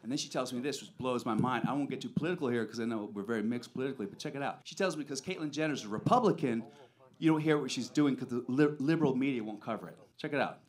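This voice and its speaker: A man doing a stand-up comedy set on a club stage, with a brash, profane, punchy delivery. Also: mid-range voice.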